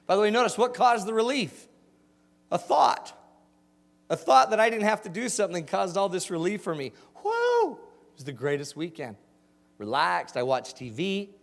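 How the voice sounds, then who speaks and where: A man's voice: on the high side, gravelly. A man in his forties from Utah, a motivational speaker telling funny personal stories and quizzing his audience. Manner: animated, jokey, asks the audience questions. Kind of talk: storytelling keynote talk. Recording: hall with long reverb.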